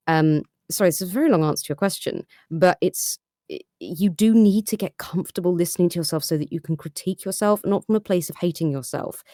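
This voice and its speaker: A British voice actress chats at speed from her home recording setup, critical of her own work. Her voice sits low for a woman and sounds dry and close-miked. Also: dark tone, no room sound. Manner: fast-talking, self-critical. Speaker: voice actor. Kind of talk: casual chat. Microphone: home recording setup with headphones.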